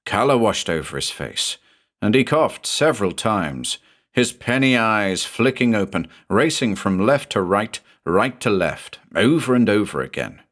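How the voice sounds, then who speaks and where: Deep-voiced man narrating horror. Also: big pitch swings, fairly bright tone. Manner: measured, dramatic storytelling.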